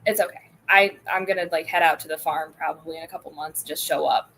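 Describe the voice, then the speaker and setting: Woman, co-host, casual chat, chatty and quick, slightly low pitch, faint noise. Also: steady tone, fairly bright tone. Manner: chatty, quick, laughs easily. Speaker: co-host from a knife shop.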